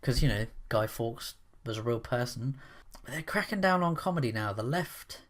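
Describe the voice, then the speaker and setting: A man's voice: medium pitch, expressive, normal speed. A man giving opinionated commentary in a rambling, sarcastic way, full of restarts and asides. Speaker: commentary vlogger.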